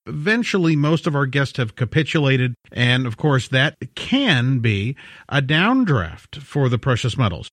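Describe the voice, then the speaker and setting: A man's voice: medium pitch, sing-song, normal speed, a bit bright, dry recording. A male interview host with a mid-range voice that rises and falls a lot. He puts his questions in a conversational, emphatic way. The sound is dry and close.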